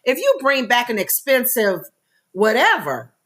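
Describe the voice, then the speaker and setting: A woman co-hosts a casual talk show, chatting and giving her opinions. Her voice is bright and edged, with a lot of movement in it. She often jumps in with short reactions. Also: fairly high pitch, huge pitch swings, unhurried. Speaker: co-host. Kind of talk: casual chat.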